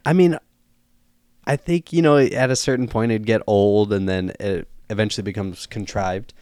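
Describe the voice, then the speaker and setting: Male co-host, lowish voice, relaxed casual chat, dry sound. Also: normal speed, clear, resonant tone, no echo. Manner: relaxed, agreeable, swears casually. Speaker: podcast co-host. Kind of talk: casual chat about a movie.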